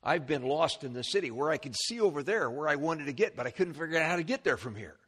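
A male pastor preaching a sermon, animated, with restarts and repeated words and side remarks to the congregation. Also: a little high, fast talker, breathy edge.

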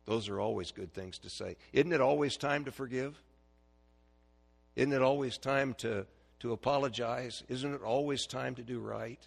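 A man's voice: medium pitch, normal speed, gravelly. A man preaching a sermon in church in a folksy way, putting questions to the congregation.

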